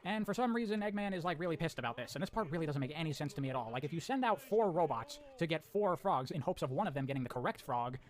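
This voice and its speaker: Fast-talking sarcastic male recapper. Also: on the high side, expressive. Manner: sarcastic, blunt critique with casual swearing. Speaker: video essayist narrating a story recap. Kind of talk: fast scripted story recap with commentary.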